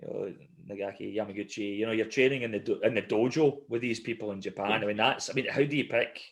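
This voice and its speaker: A man's voice: lowish voice, quick pace. Laughing storytelling man on a podcast. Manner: animated storyteller, laughs through his anecdotes. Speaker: podcast co-host. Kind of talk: casual podcast chat.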